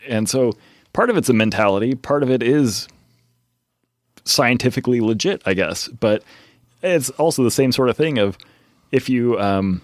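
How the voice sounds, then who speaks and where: A man, a startup founder on a podcast, speaking haltingly in casual interview chat with many fillers. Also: mid-range voice, dry recording, studio quality.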